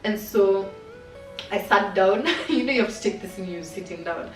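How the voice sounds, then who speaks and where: A young adult woman vlogger chats candidly to camera about something personal, using lots of fillers. Her voice is mid-range and her pace is normal. The mic sits at a distance, so the sound is roomy, with faint music behind her.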